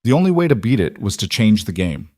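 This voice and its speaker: A man narrating a dark fantasy story in measured, clipped dramatic phrases. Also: on the low side, big pitch swings, no echo, clean studio sound. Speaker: audiobook narrator.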